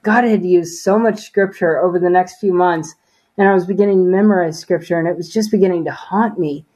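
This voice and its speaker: A woman's voice: lowish voice, a little fast, mellow, poor audio. A woman as an interview guest giving a personal faith testimony in conversation, earnest and storytelling, with frequent "you know" and "like".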